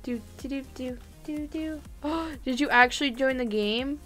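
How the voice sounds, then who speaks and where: High-voiced giggly woman streaming a game. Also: fairly even intonation, a little slow, few pauses, fairly bright tone. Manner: playful, giggly, exclamatory. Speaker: gaming streamer. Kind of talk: live game commentary. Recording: faint game music behind.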